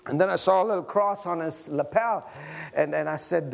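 A man preaching a sermon, swinging from loud exhortation to quiet prayer and chatty stories with the congregation. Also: normal speed, creaky. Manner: swings from loud, high exhortation to soft, low intimate prayer; conversational storytelling with congregation asides.

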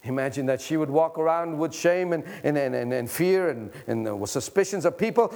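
A man delivering a fervent sermon in a high voice. He drops to a hush and then rises to shouting, and he leads the congregation through prayers line by line. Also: lively intonation, fairly quick, creaky, hardly any pauses. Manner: swings from hushed to shouting, leads the crowd in repeating prayers; fervent and impassioned. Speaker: pastor.

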